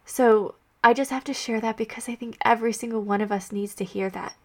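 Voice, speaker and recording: A young woman hosting a Catholic podcast, sharing her faith in a heartfelt, soft-spoken way, often dropping to a hushed near-whisper and tearful at times. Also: fairly high pitch, steady tone, brisk, few pauses.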